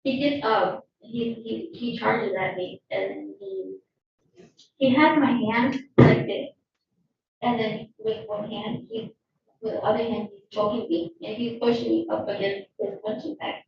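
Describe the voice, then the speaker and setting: A woman giving shaken, halting testimony as a witness in a courtroom. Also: a little high, very animated, a little hiss or hum. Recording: echoey, distant, dull courtroom audio.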